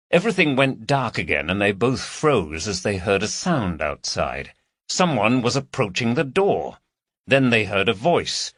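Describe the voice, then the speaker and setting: A man narrating a crime audiobook in a measured storytelling voice. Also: lowish voice, animated, a bit bright, no echo, clean studio sound. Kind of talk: scripted narration.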